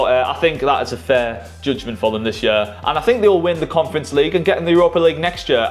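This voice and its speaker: A man giving animated, opinionated football predictions in a casual vlog, swearing freely. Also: medium pitch. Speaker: YouTuber, football fan.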